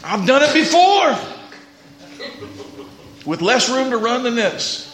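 A man preaching a sermon as pastor, moving from quiet storytelling to loud shouted exclamations. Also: very high voice, very animated, slow. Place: church sanctuary. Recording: echoey church room.

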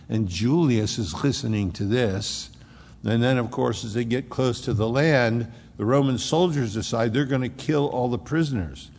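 A man's voice: mid-range voice, normal speed, gravelly, darkish tone, big-room sound. A man preaching a sermon, retelling scripture in a folksy, storytelling way with casual asides.

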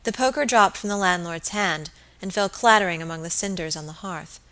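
A woman narrating a classic novel in a measured, expressive reading. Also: on the low side, rough recording. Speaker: audiobook narrator.

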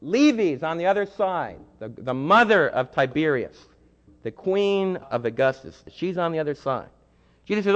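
A man preaching a sermon as pastor, animated, acting out the voices of the people he quotes. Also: sits high, normal speed. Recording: muffled hall recording with long reverb.

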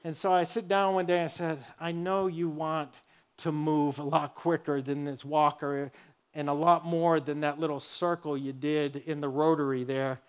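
A pastor preaching a sermon in an earnest, storytelling way. His voice sits high for a man. He talks to the congregation directly and walks them through a personal story. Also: little pitch movement, moderate pace, clear, resonant tone.

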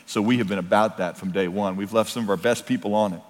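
A man's voice: lowish voice, steady tone, fast. Preaching man in a reverberant hall. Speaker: pastor. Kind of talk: sermon.

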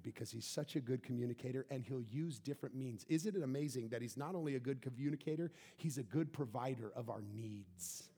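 Husky, emphatic male preacher. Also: medium pitch, fairly quick, hardly any pauses. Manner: emphatic, swings between loud and soft. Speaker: pastor. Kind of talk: sermon.

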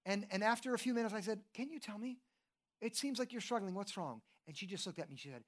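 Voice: medium pitch, animated, fast talker. A preacher giving a sermon in an earnest, conversational way, who often asks the listeners questions and restarts with "and, and". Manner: often repeats "and, and" when starting a thought.

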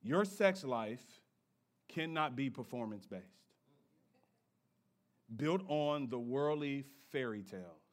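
A male pastor preaching a sermon in a playful call-and-response style, with slang asides to the congregation. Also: medium pitch.

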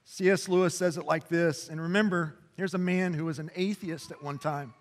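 A man's voice: on the high side, fairly even intonation, normal speed. A man preaching a sermon as a pastor, talking casually and conversationally with many fillers. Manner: rises to impassioned preaching. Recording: long hall reverb.

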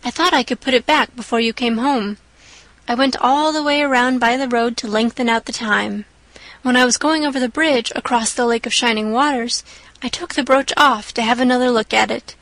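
A woman's voice: a little high, normal speed, a bit bright, no room sound, rough recording. Woman voicing a dramatic, imaginative young girl. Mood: confessing. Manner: breathless, pleading then earnest.

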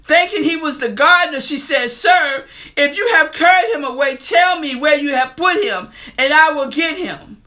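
A woman's voice: high-pitched, expressive, normal speed, few pauses, bright, forceful tone. A woman preaching a sermon, reading scripture aloud and speaking to her listeners in an earnest, heartfelt way.

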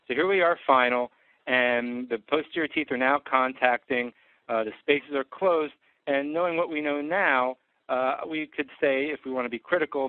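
A man delivers a methodical, technical clinical lecture as an orthodontist walking through cases, pausing on fillers now and then. His voice sits at an ordinary middle pitch. The sound is thin and narrow like a phone line, with no room echo at all. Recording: dry tinny phone-like sound.

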